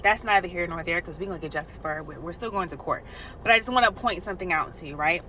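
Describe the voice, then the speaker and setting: A woman's voice: fairly low pitch, fast talker, sharp tone, slight background noise, rough recording. A woman talking frankly and emphatically to her viewers in a casual vlog, swearing freely, recorded in a car. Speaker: nurse and vlogger.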